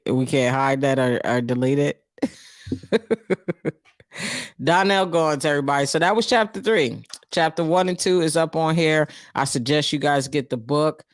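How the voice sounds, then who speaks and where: A woman's voice: low-pitched, a little slow, dry recording, clean studio sound. A woman with a New York accent hosting her own live stream, casually recapping a book and reacting to viewers in a chatty, loose way. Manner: chatty and loose, reacting to chat, frequent fillers.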